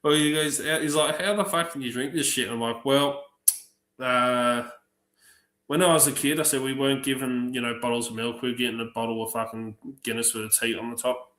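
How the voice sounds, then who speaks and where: A man telling profane, lively stories on a livestream, acting out the other people's lines. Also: medium pitch, brisk. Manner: profane, animated anecdotes acting out other voices. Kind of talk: casual storytelling on a livestream. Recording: roomy echo.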